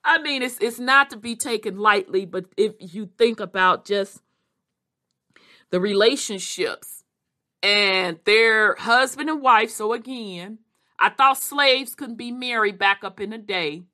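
A woman reading history aloud and adding animated, casual commentary. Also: medium pitch. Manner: animated, quick asides, Southern Black vernacular.

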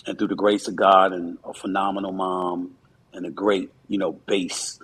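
A man's voice: deep voice, flat delivery, moderate pace, fairly bright tone, a little hiss or hum, rough recording. A man in his fifties, a commentator, giving earnest, reflective interview answers with frequent fillers.

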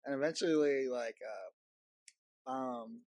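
A man's voice: mid-range voice, slow, a little mellow, dry recording. A young man chatting casually with friends, telling a story with many fillers. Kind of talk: casual chat among friends.

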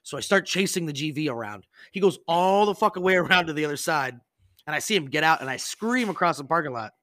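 Young guy podcast host, swears a lot, bright sharp voice, kinda high, dry close sound. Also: expressive, fast, dry recording. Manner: profane, rambling storyteller. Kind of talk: casual chat.

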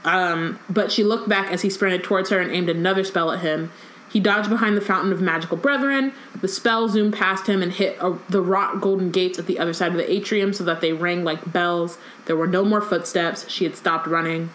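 A woman's voice: on the low side, steady tone, brisk, fairly bright tone, slight background noise. A woman co-hosting a casual book podcast, recapping the plot and reading passages aloud. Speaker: podcast co-host. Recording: echoey room.

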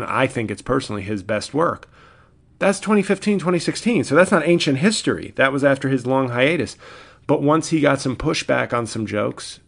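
Man, comedian, solo podcast monologue, gravelly, rambling, frequent restarts. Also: mid-range voice, fairly bright tone.

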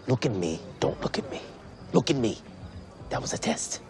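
A man's voice: medium pitch, sing-song, normal speed. An actor playing an imperious, furious man who barks cold commands. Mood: commanding.

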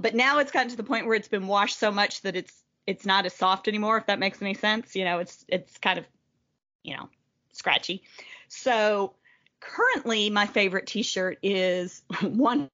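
A woman's voice: medium pitch, a bit bright, lo-fi sound. A woman co-hosting a casual podcast chat, talking in a chatty, easygoing way. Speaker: podcast co-host.

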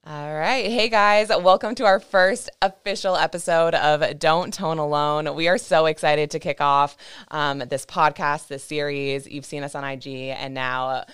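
Young woman, podcast co-host, upbeat and playful, very low voice, smooth. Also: fairly even intonation, unhurried, fairly bright tone. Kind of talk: casual chat.

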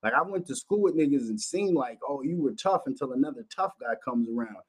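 A man's voice: mid-range voice, animated, fast talker, breathy edge. A man from Minnesota hosting a livestream, talking bluntly and profanely in a loose, repetitive monologue. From Minnesota, USA. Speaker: livestream host.

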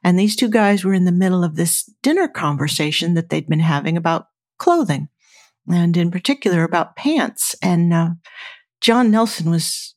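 Interview guest: woman, lowish voice, animated storyteller, dry close sound. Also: no echo. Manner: lively anecdotal storytelling with quoted voices. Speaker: guest, former studio engineer and scientist.

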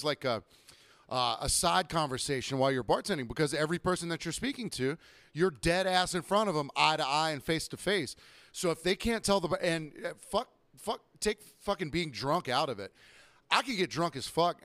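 A man's voice: a bit bright, no echo. Profane ranting bartender man. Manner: profane, ranting, mimics customers in higher voices. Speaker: podcast host, bartender. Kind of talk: casual podcast rant.

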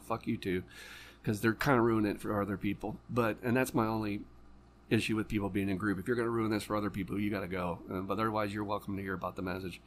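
A man's voice: on the low side, slight background noise. A man hosting a casual podcast conversation as an addiction counselor, swearing heavily as his passionate storytelling flares into angry rants. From lives in Florida.

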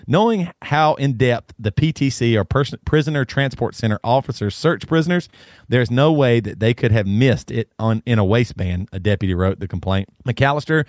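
A man with a drawl reads a news story aloud on a casual podcast, his pitch swinging up and down. He keeps breaking into laughter as he goes. The sound is dry and close. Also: lively intonation, moderate pace, a little mellow, no echo. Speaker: podcast host.

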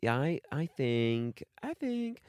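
A man's voice: medium pitch, big pitch swings, takes it slowly, a little mellow, no echo. A man co-hosting a casual comedy podcast, making dry, playful, teasing remarks. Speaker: podcast co-host.

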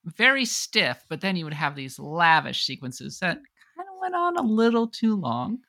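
A podcast co-host in a casual chat, giving wry, measured opinions. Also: medium pitch, very animated, creaky, bright, forceful tone.

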